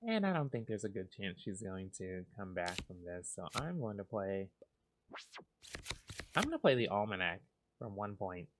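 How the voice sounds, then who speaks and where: A man giving calm, soft, unhurried commentary as he plays a cozy game for sleepy listeners. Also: fairly low pitch, background noise. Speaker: gaming channel host.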